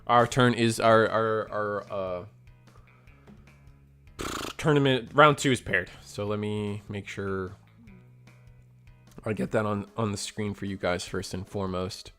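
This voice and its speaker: A man hosting a store card game tournament stream, giving chatty, excitable play-by-play commentary to his chat. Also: lowish voice, takes it slowly, long pauses, faint music behind. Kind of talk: casual livestream play-by-play commentary.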